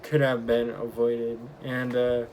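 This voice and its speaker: A young man vlogging, casually retelling his week with lively quoted bits of dialogue. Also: medium pitch, slow pace, a little hiss or hum. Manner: chatty, animated retelling with acted quotes. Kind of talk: casual storytelling vlog.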